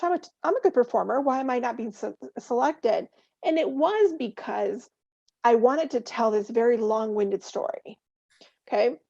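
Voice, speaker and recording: Fast-talking emphatic woman, gravelly edge. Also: on the high side, darkish tone, lo-fi sound. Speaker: panelist. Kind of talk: webinar advice talk.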